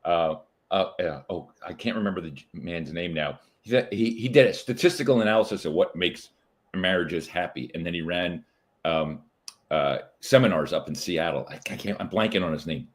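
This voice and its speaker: A middle-aged man, a comedian guest, chatting casually in an interview, often halting with fillers and restarts. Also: deep voice, expressive.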